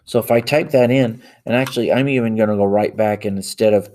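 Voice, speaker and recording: A man's voice: on the low side, quick pace, a little mellow. A man teaching a math lesson, working problems aloud step by step and correcting himself as he types into a calculator. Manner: talks aloud while typing into a calculator, self-correcting. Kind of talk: worked-example math lesson.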